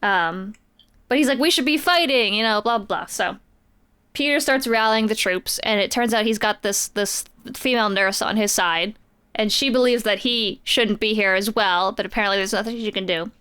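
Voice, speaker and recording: A woman's voice: medium pitch, normal speed, sharp tone, smooth. A woman casually recapping a comic book story on a podcast, chatty and playful, slipping quoted lines into her retelling. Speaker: podcast co-host.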